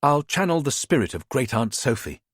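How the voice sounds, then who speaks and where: A man's voice: medium pitch, sing-song, slightly rough, no room sound, clean studio sound, pitched above the performer's own voice. A man voicing a bold, playful young woman who teases and jokes. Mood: teasing. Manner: teasing, quick to joke.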